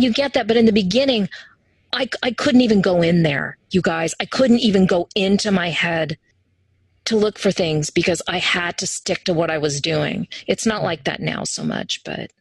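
This human design teacher, a guest in a relaxed interview, tells her stories animatedly and performs the voices she quotes. She speaks at a normal speed in a husky voice on the low side. The recording has no echo but is rough.

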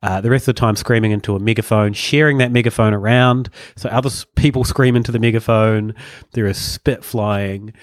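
A man's voice: on the low side, steady tone, fairly quick, no echo, studio quality. A man hosting a podcast, telling stories in casual comedic chat and chuckling often. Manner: rambling storyteller, chuckling often. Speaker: podcast host.

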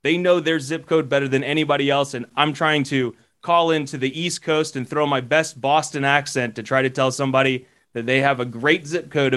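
A man's voice: medium pitch, fairly bright tone, clear, resonant tone. A man who works as a commercial real estate broker and mentor, giving sales advice in a rambling way with many restarts. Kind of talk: casual podcast advice.

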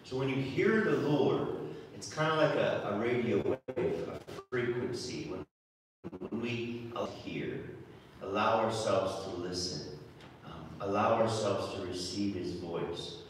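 A man's voice: on the low side, slow pace, slight background noise. A man giving a homily, talking conversationally and often repeating words as he restarts. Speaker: preacher. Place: church. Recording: echoey church from far off.

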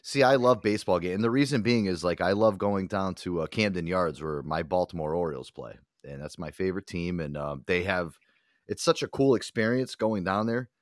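A young man hosting a casual chat show, animated and swearing freely, often acting out other people's voices. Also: deep voice, brisk, no room sound, studio quality. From Connecticut. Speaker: host.

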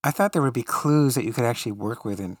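A man's voice: mid-range voice, fast, no echo, clean studio sound. A man co-hosting a podcast in casual chat, telling stories and laughing often. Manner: chatty storyteller who laughs often. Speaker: podcast co-host.

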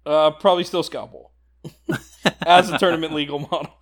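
Male co-host, higher pitch, eager rules explainer, chatty. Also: steady tone, normal speed. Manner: enthusiastic, explains rules at length, laughs often. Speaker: podcast co-host. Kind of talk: casual tabletop game discussion.

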